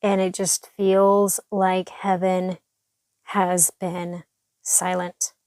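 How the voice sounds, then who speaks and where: A woman's voice: lowish voice, level tone, very slow, darkish tone, no echo. A woman hosting a devotional podcast, speaking earnestly and encouragingly with a stuffy, congested voice. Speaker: podcast host.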